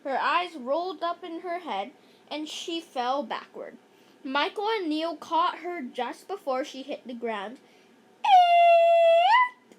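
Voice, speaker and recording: A woman reads a children's chapter book aloud, unhurried and deliberate. Her voice sits high, and she drops in playful, jokey asides between scenes. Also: lively intonation, dull audio, background noise. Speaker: narrator.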